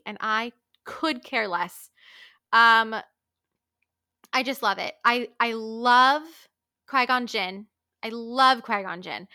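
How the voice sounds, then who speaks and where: A woman in her twenties hosting a casual solo podcast, gushing and animated, full of fillers and little laughs. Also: on the high side, dry recording, studio quality. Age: 20s. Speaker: podcast host.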